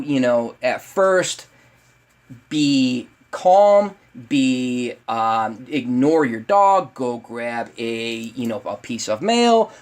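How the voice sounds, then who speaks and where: A man with a slightly high voice teaches dog owners in a loose, chatty webinar. He talks straight to the viewers and calls them "guys," stopping and restarting often. Now and then he bursts into a much higher voice to act out an excited owner. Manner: acts out lively owner voices in high pitch. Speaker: dog trainer.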